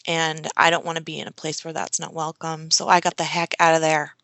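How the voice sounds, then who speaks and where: A woman's voice: low voice, level tone, a little fast, a bit bright, no echo. A woman guest telling a personal story in an interview, earnest and emotional, with frequent fillers. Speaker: guest, social media strategist.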